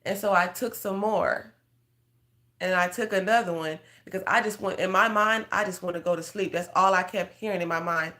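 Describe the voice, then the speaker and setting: A woman with a somewhat low voice gives a heartfelt spoken testimony. She talks earnestly and conversationally and keeps turning to her listeners directly as a faith coach. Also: normal speed, sharp tone. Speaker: prophetic guidance coach. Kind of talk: emotional personal testimony.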